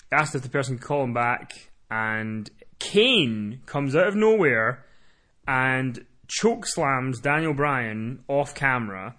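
A man co-hosting a casual podcast, recapping a show in long runs, profane and quick to laugh. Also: medium pitch, fairly bright tone. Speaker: wrestling podcast co-host.

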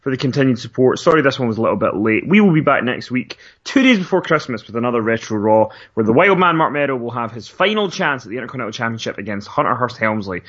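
A man hosts a casual podcast, moving briskly from question to question as he steers the talk. His voice comes through a little dull and lo-fi. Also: mid-range voice, lively intonation, fairly bright tone, slightly rough. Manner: brisk, asks questions and wraps up the show. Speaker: podcast host. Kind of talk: casual chat.

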